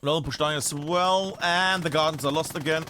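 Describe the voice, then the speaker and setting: A man's voice: a little high, a little fast, slight background noise. A man from northern Bavaria, a German speaker, giving chatty live commentary on a team shooter match as caster. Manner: chatty, animated, swears casually. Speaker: esports caster.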